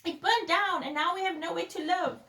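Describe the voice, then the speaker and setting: A woman voicing an upset mother mouse from a storybook with a squeaky voice, in a roomy space. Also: fairly quick, vocal fry, bright, forceful tone, exaggerated voice. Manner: squeaky, high. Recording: roomy echo.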